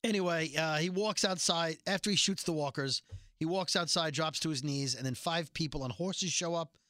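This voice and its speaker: Casual and chatty, a podcast host walks through a TV episode with jokes and rambling asides at a normal speed. His voice is bright and a touch high, captured close and dry with no room echo.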